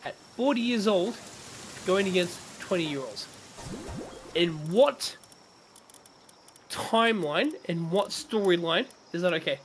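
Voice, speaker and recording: A man's voice: sits high, animated, slow, pauses often, slight background noise. A man chatting on a gaming stream, ranting with strong opinions and frequent swearing. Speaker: streamer co-host. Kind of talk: casual chat during a gaming stream.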